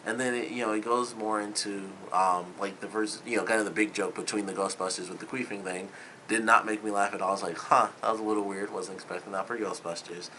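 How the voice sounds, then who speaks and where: Male reviewer, lowish voice, forceful bright edge, loose rambling delivery. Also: fairly even intonation, quick pace, a little hiss or hum, low-quality recording. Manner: rambling, loose, full of "like" and "you know". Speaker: movie reviewer. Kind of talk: casual spoken film review.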